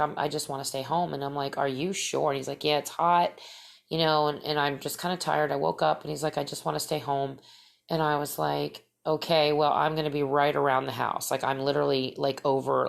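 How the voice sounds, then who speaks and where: A middle-aged woman with a low, gravelly voice, chatting through a personal story as a podcast host. She rambles, doubles back and fills her pauses with little fillers. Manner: rambling, many fillers and restarts.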